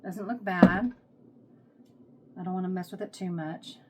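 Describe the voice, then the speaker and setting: Texan woman home cook, unhurried rambling kitchen chat, phone on a tripod, faint hiss. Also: lowish voice, steady tone. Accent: Texas. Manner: rambling, thinking aloud while working. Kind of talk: casual cooking vlog chat.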